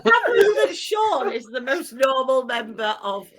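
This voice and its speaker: A woman's voice: sits high, very animated, takes it slowly, a loud crowd. A woman hosting a podcast, laughing often and speaking reflectively over a video call. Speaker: podcast host.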